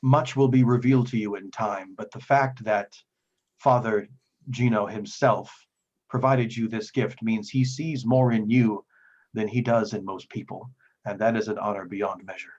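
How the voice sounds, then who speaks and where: A man's voice: on the low side, steady tone, normal speed, darkish tone, close to an everyday voice. A man voicing a devout, humble priest who speaks formally and secretively, on a dull lo-fi recording. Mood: grave.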